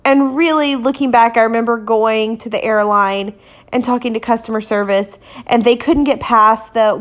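A woman with a somewhat high voice tells a personal story. She sounds candid and confessional, with many fillers and restarts, and briefly plays out what each person said. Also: fairly even intonation, normal speed. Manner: acts out short quoted exchanges in her telling. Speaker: podcast storyteller.

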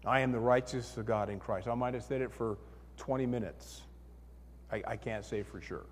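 A man preaching a sermon as pastor, telling a story in an animated way and acting out the voices in his head. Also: mid-range voice, moderate pace, long reverb tail.

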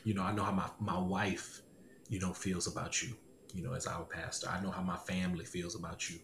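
Man telling a story, animated, repeats himself, echoey room, faint background hum. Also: low voice, fairly quick. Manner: animated storytelling, laughs often, repeats lines. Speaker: podcast host. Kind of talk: casual testimony chat.

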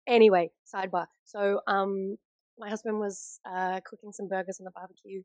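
A woman's voice: medium pitch, level tone, moderate pace, darkish tone, no room sound. A woman with an Australian accent, co-hosting a casual podcast over a video call, telling stories with many fillers. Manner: chatty storyteller, many fillers and restarts. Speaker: podcast co-host. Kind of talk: casual chat.

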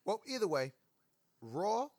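A man co-hosting a casual wrestling podcast, excitable and animated. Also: high voice, slow pace. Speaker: podcast co-host.

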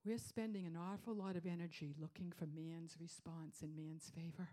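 A woman preaching a sermon, repeating her phrases for emphasis and dropping into hushed whispers before rising to loud declarations. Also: on the low side, fairly even intonation, normal speed.

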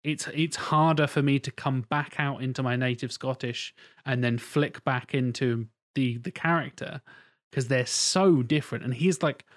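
A man co-hosting a casual podcast chat, telling animated stories and swearing freely. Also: mid-range voice, moderate pace. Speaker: podcast co-host.

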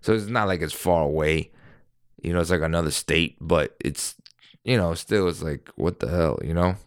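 A middle-aged man with a low voice tells a loose, rambling anecdote on his podcast. He swears freely and keeps stopping to correct himself. The recording is dry and close. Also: moderate pace, clean tone, dry recording. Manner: rambling, profane, frequent self-corrections. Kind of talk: casual storytelling. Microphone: podcast microphone.

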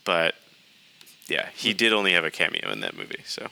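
A man's voice: low voice, wildly swooping pitch, fairly quick, vocal fry, pushed and bright. A man co-hosting a casual movie review podcast, chatty and restarting his sentences often. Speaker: podcast co-host.

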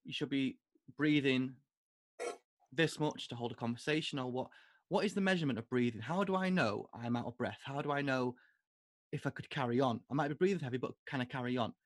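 A man's voice: mid-range voice, no echo. Give me a man hosting a chat podcast. He jokes easily and fills the gaps with fillers. His voice is recorded dry and close. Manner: chatty, full of fillers, quick to joke. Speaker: podcast host.

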